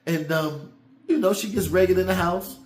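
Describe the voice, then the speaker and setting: A man's voice: high-pitched, moderate pace, darkish tone. A man giving a motivational talk as a folksy, down-home storyteller who turns preachy. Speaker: motivational speaker. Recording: roomy echo with faint background music.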